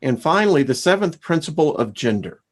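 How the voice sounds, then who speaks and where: Lively, laughing male host. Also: a little high, brisk. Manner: lively, laughs often, reads out a list. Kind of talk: casual spiritual discussion.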